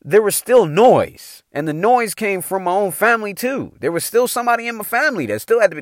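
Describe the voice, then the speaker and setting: Animated middle-aged man giving a pep talk. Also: sits high, quick pace, few pauses, dry recording, studio quality. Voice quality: emphatic, slangy, swears freely. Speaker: motivational speaker. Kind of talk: motivational talk.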